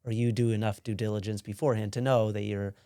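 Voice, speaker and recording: A man in an interview asking careful, measured questions. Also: lowish voice, little pitch movement, warm tone, clear, resonant tone, no echo, studio quality. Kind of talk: casual interview talk.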